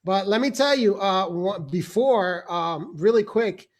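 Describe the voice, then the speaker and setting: A man hosting a video-call open mic, telling stand-up stories in a casual, animated way, laughing often and swearing freely. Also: sits high, unhurried. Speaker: host and stand-up comedian.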